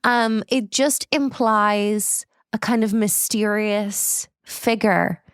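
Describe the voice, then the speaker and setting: A woman's voice: mid-range voice, steady tone, slow, smooth, no room sound, studio quality. A woman co-hosting a podcast, speaking in a wry, thoughtful way and laughing often. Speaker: podcast co-host. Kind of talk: casual chat.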